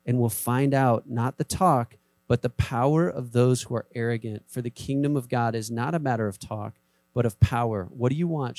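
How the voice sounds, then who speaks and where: A man's voice: mid-range voice, darkish tone, dry recording. A man preaching a sermon as a pastor, talking conversationally and acting out short quoted voices. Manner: conversational, acts out quoted voices, emphatic repetition.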